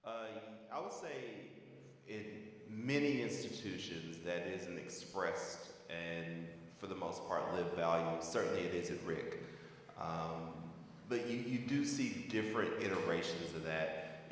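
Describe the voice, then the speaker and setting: A man's voice: low-pitched, a little slow, slight background noise. Kentucky-accented man in an echoey hall. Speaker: university administrator. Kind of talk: panel discussion. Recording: echoey hall with long reverb.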